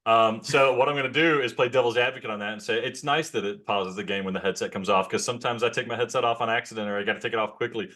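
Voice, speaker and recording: A man's voice: mid-range voice, fairly even intonation, rapid-fire, few pauses, fairly bright tone. A man hosting a casual podcast over a call, opening with playful hype and teasing his co-host. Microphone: remote call mic.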